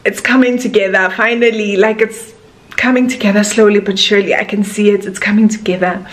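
A woman's voice: medium pitch, steady tone, normal speed. A young South African woman in her twenties talks straight to her camera in a loose, unscripted vlog. She gushes and runs on emotionally, leaning on filler words as she goes. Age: 20s. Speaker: vlogger. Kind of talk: casual talking-to-camera vlog.

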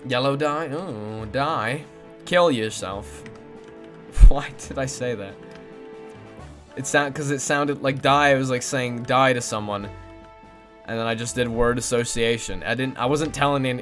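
A woman streaming a video game, chatting casually with her viewers and swinging between squealing joy and mumbled asides. She coos in a high baby voice at a pet. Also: moderate pace, fairly bright tone, faint music behind. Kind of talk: casual live-stream gaming commentary.

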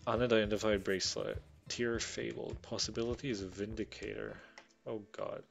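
Low-voiced excitable gamer man. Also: normal speed, creaky, soft background music. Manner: chatty, excitable, swears casually. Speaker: gaming YouTuber. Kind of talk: casual gameplay commentary.

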